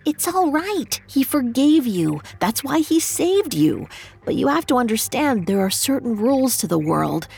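A woman voicing the smallest of the bat sisters, gentle and comforting in a storybook tale. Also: sits high, big pitch swings, moderate pace, gravelly, slightly rough, soft background music, voice pushed up, heavily acted.

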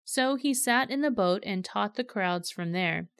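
A woman reading scripture aloud in a steady, measured storytelling manner. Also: medium pitch, clean tone, no room sound, clean studio sound. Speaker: scripture reader.

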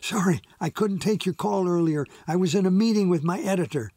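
A man reading an audiobook, voicing an excited young woman reporter in her late twenties who talks with a giggle. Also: sits high, brisk, no echo, voice pushed up.

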